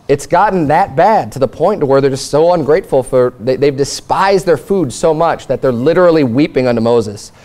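Man preaching, animated and fairly high. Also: brisk, few pauses. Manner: animated preaching with paraphrased dialogue. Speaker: pastor. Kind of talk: sermon.

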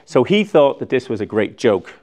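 A man's voice: mid-range voice, big pitch swings, moderate pace, darkish tone. A man in his sixties giving a chatty, digressive public lecture, often restarting his sentences. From Ireland. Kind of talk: recorded public lecture with slides.

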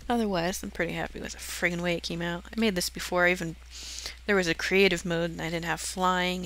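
A woman's voice: fairly low pitch, fairly even intonation, a little fast, fairly bright tone. A young woman giving a casual, giggly, self-deprecating walkthrough of something she built in a game. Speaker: channel host touring her build.

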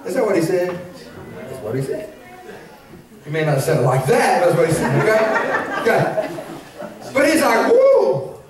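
A man preaching a lively sermon as pastor, shouting, laughing and calling out to the congregation. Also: sits high, normal speed, pauses often, crowd noise. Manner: preaching with call-and-response asides. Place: church sanctuary. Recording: very echoey church hall, mic at a distance.

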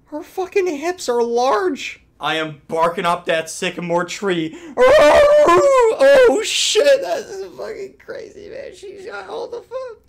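A young man streaming a reaction to a game trailer, loud and swearing with hyped outbursts. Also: extremely high pitch, very animated, slow, vocal fry, hardly any pauses. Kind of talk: excited reaction commentary.

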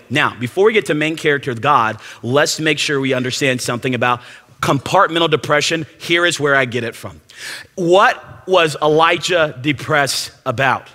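A man delivers a revival sermon with a high, bright, keen voice. He grows animated and acts out the scripture scenes in quoted voices. The recording has the long reverb of a church sanctuary. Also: moderate pace. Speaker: preacher.

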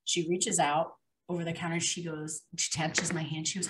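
Low-voiced woman telling a personal story. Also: level tone, normal speed, noisy background. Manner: earnest, with many fillers and restarts. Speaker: interview guest.

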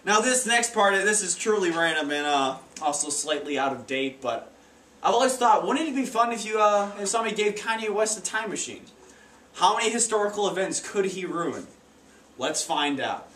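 A man's voice: on the high side, lively intonation, moderate pace, bright, forceful tone, slight background noise. A teenage boy doing an amateur stand-up routine, stumbling and awkward with many fillers. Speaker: stand-up comedian. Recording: echoey room, taped from far off.

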